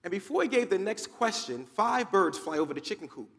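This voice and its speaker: A man from New Jersey delivers a motivational keynote with dramatic storytelling and emphatic repetition. His voice sits slightly high for a man. The sound carries with a long reverb from a large conference hall. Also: big pitch swings, fairly quick, a bit bright. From Newark, New Jersey, USA. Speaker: motivational speaker.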